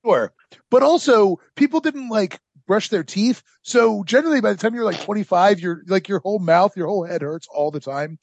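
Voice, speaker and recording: A man's voice: high-pitched, normal speed, gravelly, a little mellow, husky, no room sound, dull audio. A man hosting a casual history podcast, telling the story with rambling sarcastic asides and lots of fillers. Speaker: podcast host.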